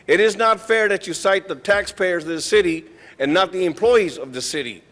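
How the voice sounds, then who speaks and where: A man's voice: high-pitched, moderate pace, a bit bright. Firm, complaining man in a reverberant hall. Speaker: public commenter. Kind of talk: public comment at a city council meeting. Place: city council chamber. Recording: reverberant council chamber.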